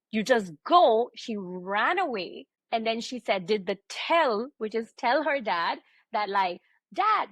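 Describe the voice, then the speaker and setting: A woman in her thirties from India, co-hosting a parenting podcast and telling stories in a quick, animated way. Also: a little high, no room sound. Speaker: podcast co-host, pediatric sleep consultant. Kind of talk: casual podcast chat.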